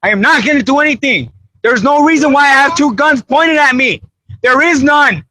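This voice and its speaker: Man, very high voice, frightened, crying, repetitive pleading, dry close sound. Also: moderate pace, bright, forceful tone, no room sound, low-quality recording. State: crying, shaken. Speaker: citizen filming a police stop. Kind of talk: pleading confrontation on camera. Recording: played video clip.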